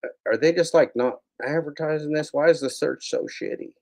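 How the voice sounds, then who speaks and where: A man's voice: fairly high pitch, a little fast, a little mellow. A man giving rambling screen-share commentary as a YouTube broadcaster, sarcastic and mock-scolding, repeating his own phrases.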